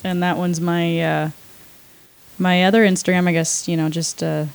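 A woman's voice: fairly low pitch, level tone, moderate pace, gravelly, clear, resonant tone. A young woman chatting casually as a podcast guest, hesitant with many fillers and frequent laughs. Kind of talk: casual chat.

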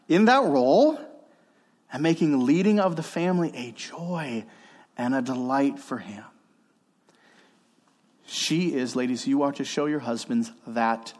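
A man's voice: a little high, a little mellow, in a large hall. A man preaching a sermon as pastor, earnest and emphatic, repeating key phrases to drive them home. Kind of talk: expository sermon.

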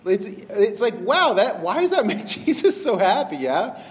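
High-voiced man preaching in a reverberant hall. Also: unhurried. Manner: animated, conversational, acts out voices in retellings. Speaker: pastor. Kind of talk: sermon.

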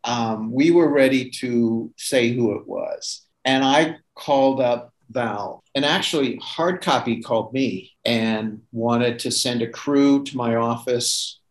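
A man's voice: mid-range voice, slow pace, hardly any pauses, low-quality recording. An older man, a former magazine editor and magician, telling chatty anecdotes in a casual interview and laughing often.

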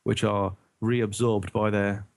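A man's voice: lowish voice, flat delivery, slow, gravelly, a little hiss or hum. A man from the UK in casual podcast chat, rambling and searching for words, laughing often.

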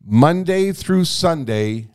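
A man casually tells a long anecdote, animatedly acting out the voices of the people in it while swearing and laughing. His voice is a little high, clean in tone, and slow-paced.

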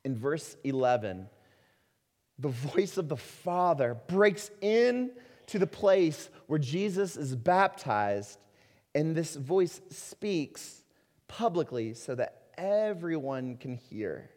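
A man preaching a sermon as a pastor, earnest, rising to loud emphasis and dropping to slow, quiet stretches. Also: a little high, very animated. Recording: long hall reverb.

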